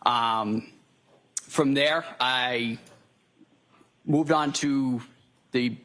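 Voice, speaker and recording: A man in his twenties with a Massachusetts accent testifies as a witness in a courtroom. He speaks loudly at a middle pitch and drops a lot of filler words as he goes. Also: drawn-out words, low-quality recording. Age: 20s. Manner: loud, with frequent ums and uhs. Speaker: witness, firefighter paramedic.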